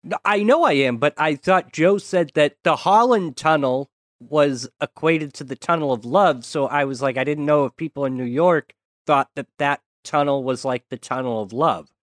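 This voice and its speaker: A man's voice: fairly high pitch, moderate pace, no room sound, clean studio sound. A man in a casual podcast chat, dropping wry jokes and asides. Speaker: podcast co-host.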